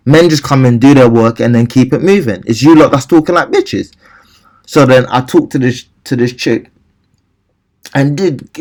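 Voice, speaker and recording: A young man rants through a story in casual, rambling speech. He keeps acting out his own replies, and his voice sits at an ordinary middle pitch. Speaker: vlogger.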